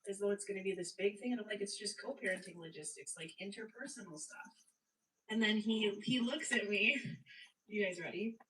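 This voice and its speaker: A young woman with a stuffy nose, chatty and animated, telling a story on a casual live stream. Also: medium pitch, a little fast, recorded from a distance, low-quality recording. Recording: voice away from the mic.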